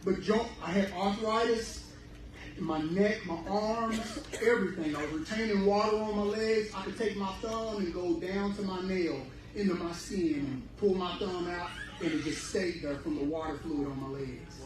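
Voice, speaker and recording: A man giving a lively sermon-style talk on health, preaching with spirit and acting out little dialogues. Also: high voice, normal speed. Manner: preachy and animated, acts out voices. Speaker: speaker on fruitarian health. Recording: very echoey room, from far off.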